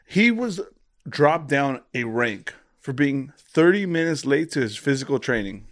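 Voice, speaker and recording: A man's voice: mid-range voice, big pitch swings, unhurried. A young man co-hosting a podcast, chatting playfully, teasing and giggling. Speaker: podcast co-host. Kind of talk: casual chat.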